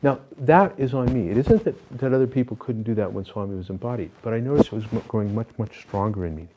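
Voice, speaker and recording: A man's voice: fairly low pitch, fast, heavy background noise. An older man being interviewed, recounting personal spiritual experiences in an earnest, reflective way, with many fillers and restarts. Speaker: interview guest.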